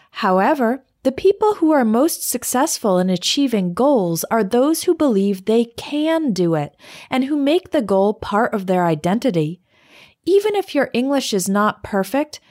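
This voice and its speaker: A woman with a fairly high voice narrates a scripted English lesson. She speaks clearly and evenly. She slows down to set out each example phrase. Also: darkish tone. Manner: clear, measured delivery with slowed example phrases. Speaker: English teacher.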